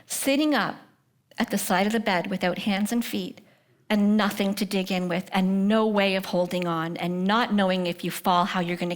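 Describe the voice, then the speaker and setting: A middle-aged woman giving a personal faith testimony at a prayer breakfast. She speaks earnestly, often sinks to a hushed whisper, and puts questions straight to the audience. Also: medium pitch. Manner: addresses the audience directly with questions.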